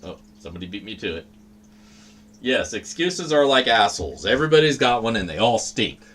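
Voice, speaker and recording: A man's voice: lowish voice, sing-song, fairly quick, a bit bright. A man hosting a livestream, chatting casually in a rambling, profane, laid-back way. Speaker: livestream host.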